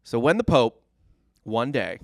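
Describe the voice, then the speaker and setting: A man's voice: medium pitch, big pitch swings, measured pace, no room sound, studio quality. A man hosting a comedy history podcast, telling the story in a loose, joking way with casual swearing.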